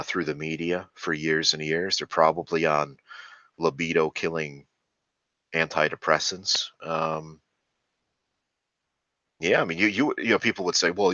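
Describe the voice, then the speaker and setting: Very deep-voiced man, profane rant. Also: sharp tone, no room sound, muffled recording. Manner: profane, ranting, with frequent fillers. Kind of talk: rambling casual commentary.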